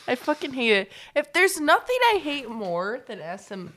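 A tipsy young woman co-hosting a podcast, loud, profane and giggly. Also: a little high, sing-song, normal speed, very noisy. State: drunk. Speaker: podcast co-host. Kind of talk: tipsy casual chat.

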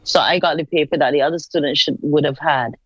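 A woman's voice: low voice, fast, husky, no echo. A woman from Barbados, a senator telling her own stories as an interview guest and acting out the dialogue. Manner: animated storyteller, acts out quoted dialogue. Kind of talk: casual storytelling interview. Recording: dull, dry recording.

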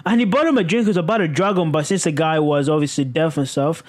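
A speaker casually recapping a crime show, animated and profane, often jumping to high exclaims. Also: fast. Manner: animated, swearing, exclamatory, with sudden leaps in pitch.

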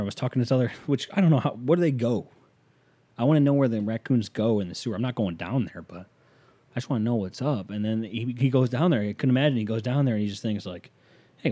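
A man's voice: mid-range voice, warm tone. A man hosting a casual solo podcast, rambling and joking as he talks directly to the listener. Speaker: podcast host.

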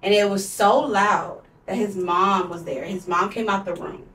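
With a steady, fairly bright mid-range voice at a moderate pace, a woman in her twenties co-hosts a podcast, telling a personal story candidly and emotionally with frequent "like." Slight background noise can be heard. The recording has a roomy quality, the mic set far from her.

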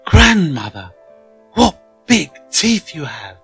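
Storybook little girl, uneasy and wondering, bright tone, played by a man. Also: mid-range voice, big pitch swings, slow, slightly rough, faint music behind, voice pushed up, heavily acted. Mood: nervous. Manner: hesitant, wondering. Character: young girl, curious and nervous.

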